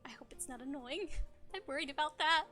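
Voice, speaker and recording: High, bright-voiced giggly woman streamer. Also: brisk, faint music behind. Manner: bubbly, chatty, giggly, stumbles over words. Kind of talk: casual livestream chat.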